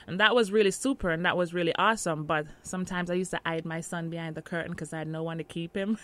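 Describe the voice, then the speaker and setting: A woman's voice: lowish voice, fairly even intonation, fast talker. A woman in her thirties from Jamaica with a Jamaican accent, chatting casually in an interview and laughing often.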